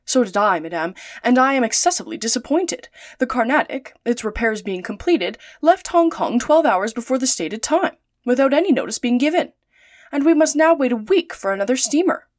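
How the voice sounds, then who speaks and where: A woman's voice: fairly high pitch, lively intonation, brisk, no room sound, studio quality, natural voice. Woman reader playing a sly, fawning detective man, storybook read-aloud. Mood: feigned politeness. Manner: eager, falsely courteous. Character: scheming, overly polite male detective.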